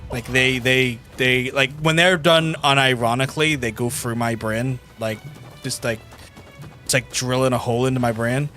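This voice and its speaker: Chatty, sweary Irish streamer. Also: male voice, medium pitch, steady tone, normal speed, pushed and bright. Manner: chatty, blunt and sweary, with many restarts and 'like'. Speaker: gaming streamer. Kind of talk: casual livestream chat while gaming. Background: game music.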